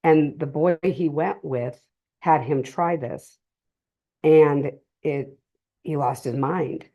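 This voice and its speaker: A middle-aged woman giving an emotional personal testimony to a live audience, halting often and restarting her sentences. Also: deep voice, lo-fi sound. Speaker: speaker sharing a family story at a drug-prevention session. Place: community cultural center, in person.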